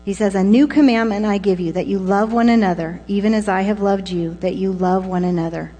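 A woman's voice: medium pitch, steady tone, fairly quick, mellow, faint music behind. A woman preaching a casual, conversational sermon, informal and full of asides. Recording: long reverb with mains hum.

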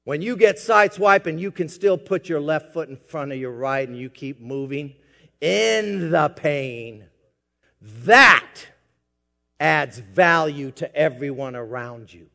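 High-voiced preaching man in a reverberant hall. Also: animated, takes it slowly, vocal fry. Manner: dynamic preaching, swings from low asides to loud emphatic peaks. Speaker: pastor. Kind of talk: sermon.

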